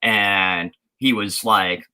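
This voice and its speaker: A man's voice: lowish voice, steady tone, drawn-out words, pushed and bright, clean tone, rough recording. A man from the United States co-hosting a podcast in casual chat, rambling with many restarts and fillers. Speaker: podcast co-host.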